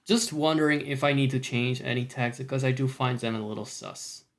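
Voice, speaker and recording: A man's voice: medium pitch, steady tone, fairly quick. Rambling, sweary Scottish man streaming. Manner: rambling, sweary, self-mocking. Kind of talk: casual live-stream chat.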